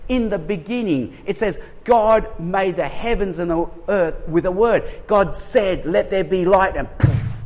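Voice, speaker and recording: A high-voiced Australian man in his forties delivers a sermon with lively, humorous energy. He jokes with the congregation and acts out the voices in his stories. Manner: animated, humorous storytelling. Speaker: pastor.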